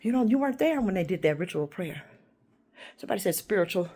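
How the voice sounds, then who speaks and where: Woman vlogger, lively pitch swings, rambling monologue, loud bursts then whispers. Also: quick pace. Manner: swings between loud outbursts and hushed whispers; confrontational, addresses unseen listeners.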